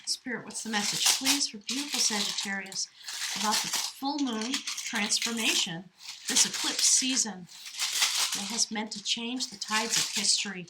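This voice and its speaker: A woman tarot reader giving a spiritual reading, earnest and emotive, sometimes dropping to soft whispers. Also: fairly high pitch, normal speed, heavy background noise.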